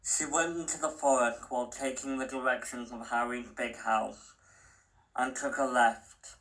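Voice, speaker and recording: A man reads a story aloud at a slow, deliberate pace with small restarts. His voice is gravelly but bright, with mid-range pitch. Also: fairly even intonation, rough recording. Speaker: narrator.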